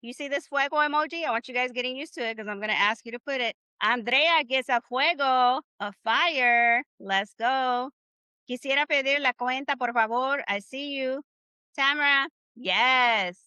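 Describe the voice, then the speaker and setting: A woman's voice: high-pitched, moderate pace, bright, forceful tone, smooth, no room sound. A woman teaching Spanish in a live online class, upbeat and encouraging, leading the class in repeating phrases. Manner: upbeat, encouraging, leads call-and-response drills.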